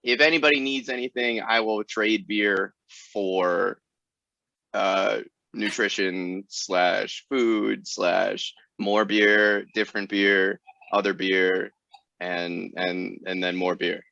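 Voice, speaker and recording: A man with a gravelly, bright-edged voice trades deadpan jokes in a casual interview. The sound is dull and lo-fi. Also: lowish voice, takes it slowly, dry recording. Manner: dry joking, deadpan humor. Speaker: ultrarunner guest.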